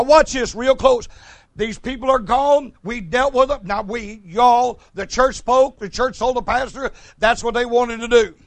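High-voiced preacher, dry sound. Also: male voice, no room sound. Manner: rhythmic, repeats "Is that right?", bursts into shouts. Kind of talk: fiery sermon.

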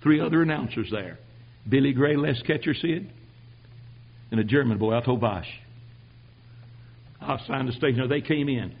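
Husky older man preaching his testimony. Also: medium pitch, moderate pace, pauses often, dull audio. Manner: dramatic storytelling, swinging from quiet to shouted. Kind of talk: sermon testimony.

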